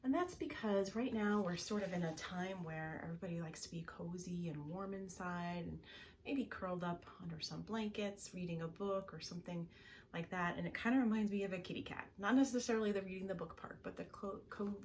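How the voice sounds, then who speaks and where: Soothing, low-voiced librarian at bedtime story time. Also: female voice, brisk, slight background noise. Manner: soothing, gentle, often dropping to a whisper. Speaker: children's librarian reading stories.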